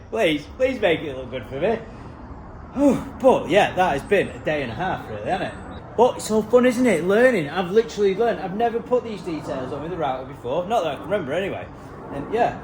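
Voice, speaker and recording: A man's voice: on the high side, slight background noise. A man giving a chatty, self-mocking running commentary on his building work. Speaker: vlogger.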